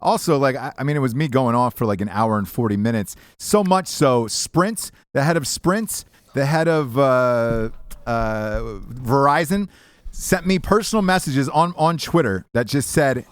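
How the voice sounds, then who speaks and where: A man's voice: mid-range voice, lively intonation, normal speed, dry recording. A man hosting a podcast, chatting casually in a rambling, profane way with many restarts. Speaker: podcast host.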